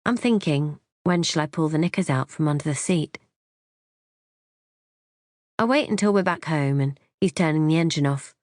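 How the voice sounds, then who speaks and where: A woman's voice: sits low, moderate pace, pauses often, a little mellow, no echo, clean studio sound. Wry woman narrating a thriller. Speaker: audiobook narrator. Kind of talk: first-person thriller narration.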